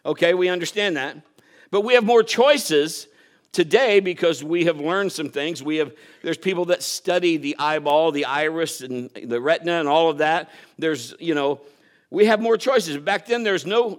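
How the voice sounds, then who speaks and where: A man's voice: a little high, normal speed. A man preaching a sermon, telling a personal story, acting out quotes and laughing at himself.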